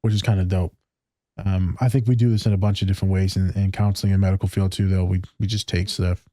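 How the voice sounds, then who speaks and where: A man's voice: low voice, flat delivery, fast talker, mellow, no echo, clean studio sound. A man co-hosting a podcast who works as a counselor, talking casually with slang and a lot of swearing. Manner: casual, profane, slangy storytelling.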